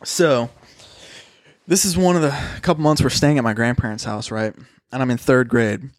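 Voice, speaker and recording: A man's voice: mid-range voice, moderate pace, dry recording, studio quality. A young man telling a long personal story in a casual, slangy way, swearing often and calling his listeners "dude".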